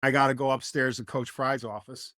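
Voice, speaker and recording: Middle aged guy from jersey telling football stories, lively, normal pitch, dry close sound. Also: brisk, dry recording. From New Jersey. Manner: animated, acts out quotes. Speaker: former college football lineman, guest. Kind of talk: casual interview storytelling.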